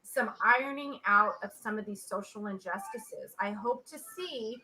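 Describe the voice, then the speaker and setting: Earnest mom in her 40s on a video call, bright tense voice, repeats words to stress them. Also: mid-range voice, normal speed, low-quality recording. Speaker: interview guest, social entrepreneur. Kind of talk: emotional interview talk.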